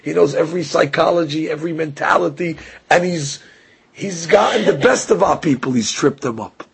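A man's voice: a little high, normal speed, vocal fry, slightly rough, poor audio. A man giving a religious lecture, telling stories with animation and acting out the dialogue. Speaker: Torah teacher.

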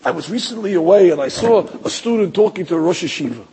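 Husky high-voiced man lecturing emphatically. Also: expressive, fast, warm tone, low-quality recording. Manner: emphatic, rhetorical, acts out voices, stammering restarts. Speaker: rabbi teaching a class. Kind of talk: religious lecture.

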